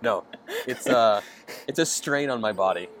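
A podcast co-host in casual chat, playful and quick to laugh, often slipping into silly voices. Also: medium pitch, fairly bright tone, slight background noise.

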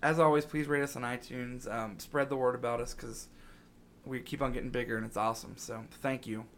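A man's voice: mid-range voice, fairly even intonation, fairly quick, slight background noise. A young man hosting a casual podcast, joking and rambling through the sign-off. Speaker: podcast host.

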